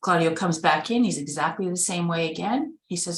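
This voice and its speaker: A woman's voice: on the low side, brisk, few pauses. A woman from Winnipeg, Canada, a caregiver and organ donation advocate, telling her own story over a video call in an earnest, conversational way and acting out remembered dialogue. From Winnipeg, Manitoba, Canada. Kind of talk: personal storytelling in a webinar. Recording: echoey room.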